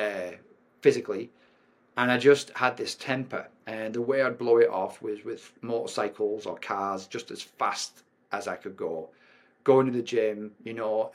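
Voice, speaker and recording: A middle-aged man with an English accent, a podcast guest telling a personal story frankly, with frequent ums and restarts. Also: fairly low pitch. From England. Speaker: podcast guest, performance coach.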